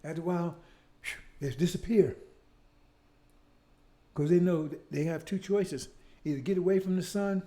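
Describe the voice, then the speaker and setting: A man with a high, mellow voice delivers a preaching monologue. He leans hard on repetition and rhetorical questions and keeps tossing out "See?" to press his point. His speech is emphatic and mocking by turns. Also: fairly even intonation, moderate pace, pauses often. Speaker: speaker leading his own show.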